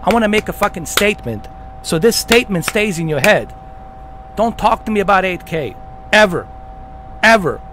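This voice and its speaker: A heated man rants at the camera, swearing constantly and hammering his points over and over. His voice sits high and swings widely in pitch. A faint noise hums under the recording. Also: expressive, brisk, fairly bright tone. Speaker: gaming channel host. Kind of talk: profane rant to camera.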